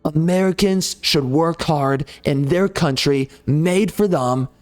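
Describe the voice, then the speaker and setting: A man's voice: fairly high pitch, takes it slowly, a little mellow, soft background music. A man ranting heatedly over gameplay, swearing and repeating himself as he argues. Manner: heated, profane, repetitive ranting. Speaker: gaming channel host.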